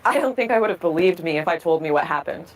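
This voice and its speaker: Fast-talking woman telling her story. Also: fairly low pitch, slight background noise, rough recording. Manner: candid, reflective, lively quoting of others. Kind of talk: storytelling interview.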